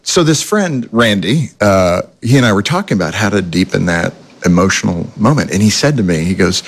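A man's voice: fairly low pitch, expressive, brisk, hardly any pauses, breathy edge. A male host in casual conversation, chatty with folksy asides. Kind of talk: conversational interview.

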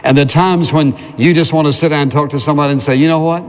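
A man's voice: a little high, steady tone, quick pace, a little mellow, big-room sound. A male pastor preaching a sermon in a conversational way, asking the congregation questions and answering them himself.

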